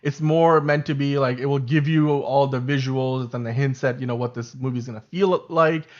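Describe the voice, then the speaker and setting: A man's voice: mid-range voice, normal speed. Chatty man with a dull lo-fi sound. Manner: rambling, animated, many fillers and restarts. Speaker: show host. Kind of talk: casual fan podcast chat.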